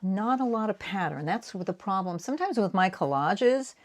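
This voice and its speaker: With a mid-range, expressive voice at a moderate pace, this sixty-something woman from the Boston area chats casually while making art prints. She's an art vlogger who rambles and pokes fun at herself as she paints.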